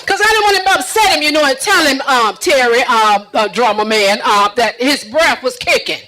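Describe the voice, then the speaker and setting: Sassy high-voiced woman doing stand-up. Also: expressive, pushed and bright, poor audio. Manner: sassy, teasing the crowd, drawn-out punchlines. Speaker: stand-up comedian. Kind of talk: stand-up routine.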